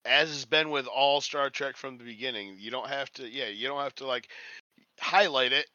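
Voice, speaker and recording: A man co-hosting a podcast, swearing freely and laughing as he talks through the episode. His voice is very bright and sharp. The sound is dry, close and a little dull. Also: medium pitch, moderate pace, no echo. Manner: crude, laughs often, earnest praise of the show. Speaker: podcast co-host. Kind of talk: crude casual chat reviewing a TV episode.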